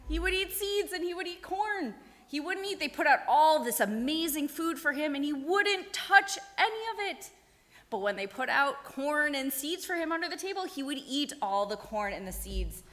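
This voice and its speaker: A woman telling a story to a group of children, animated and asking them questions along the way, in a synagogue sanctuary. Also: sits high, normal speed. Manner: animated, asks the kids questions. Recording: echoey hall.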